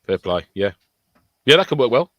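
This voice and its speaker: Man, British accent, dry close sound, lively casual podcast talk. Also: mid-range voice, normal speed, dry recording, lo-fi sound. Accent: British English. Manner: animated, swearing, acts out quotes in silly voices. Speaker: podcast co-host. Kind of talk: casual chat.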